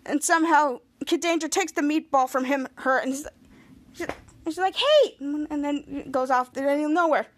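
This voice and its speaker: Female podcast host with a high voice, chatty scene-by-scene TV recap. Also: fairly bright tone. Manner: retells scenes line by line, quoting the characters. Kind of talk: casual TV episode recap.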